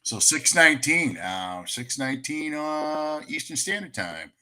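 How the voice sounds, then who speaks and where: A man's voice: on the high side, very animated, unhurried, sharp tone. A man with an American accent co-hosting a casual live stream, bantering playfully. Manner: laughs easily, playful banter. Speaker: co-host of a live research stream.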